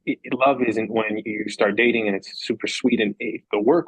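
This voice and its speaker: Husky-voiced man, earnest and rambling. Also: on the low side, steady tone, normal speed, no echo, rough recording. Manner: earnest, rambling, repeats phrases for emphasis. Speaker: podcast guest. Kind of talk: reflective casual conversation.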